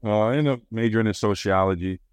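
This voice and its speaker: Deep-voiced man telling stories casually. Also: fast, clean tone, dry recording, studio quality. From Rochester, New York. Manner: relaxed, rambling with fillers and restarts. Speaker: former basketball player, guest. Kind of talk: casual interview storytelling.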